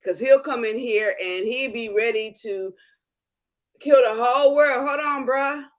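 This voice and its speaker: A woman hosting a spiritual coaching chat from home, animated and quick to laugh, acting out what others said. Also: on the high side. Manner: animated, laughing, acts out quotes. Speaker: spiritual life coach and host. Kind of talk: casual workshop chat.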